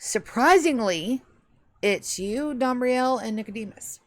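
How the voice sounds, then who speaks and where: A woman narrating as game master of a tabletop game, describing scenes in an unhurried way with fillers. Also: a little high, lively intonation, no room sound.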